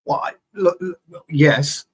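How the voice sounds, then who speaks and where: A man's voice: a little high, drawn-out words, husky. A man co-hosting a football show in casual chat, boisterous and joking, swearing freely.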